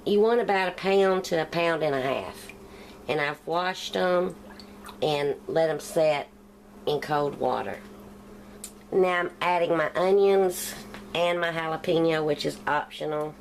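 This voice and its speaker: Country-accented woman, home-cooking host, slightly low voice, relaxed talk over faint kitchen noise. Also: measured pace, low-quality recording. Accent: Southern US country. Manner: chatty, step-by-step explaining while cooking. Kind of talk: casual cooking demonstration.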